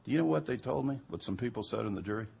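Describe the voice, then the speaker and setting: A man's voice: mid-range voice, animated, racing, vocal fry, a little mellow, breathy edge. A man telling a personal anecdote in an emphatic way that turns heated and incredulous. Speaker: storyteller recounting jury duty.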